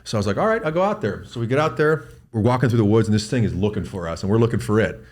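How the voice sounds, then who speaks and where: A guest doctor, a middle-aged man with a lowish voice, tells a hunting story in casual conversation. He talks fast and profanely, stumbling over repeated words when excitement takes over.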